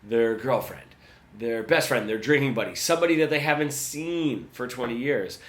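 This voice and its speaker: A man teaching guitar in a relaxed, conversational lesson, often checking in with "right?". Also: medium pitch, normal speed. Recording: roomy sound with guitar.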